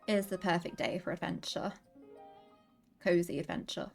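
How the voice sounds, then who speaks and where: A woman's voice: lowish voice, normal speed, gravelly, soft background music. A woman streaming a game, chatting casually and giggling, a bit out of breath. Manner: chatty, giggly, self-deprecating. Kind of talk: casual gameplay commentary. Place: home, seated.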